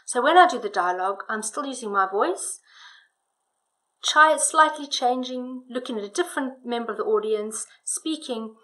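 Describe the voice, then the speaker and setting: Expressive woman coaching storytelling. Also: a little high, moderate pace, low-quality recording. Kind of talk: instructional talk on public speaking.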